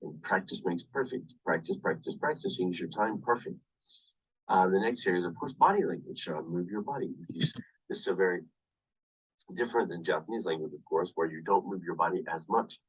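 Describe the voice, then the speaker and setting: A man teaching a university English class over a video call, explaining slowly and repeating "of course" often. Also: low voice, breathy edge, distant mic, low-quality recording. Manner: repetitive, explains slowly with many "of course" asides. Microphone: computer webcam mic on video call.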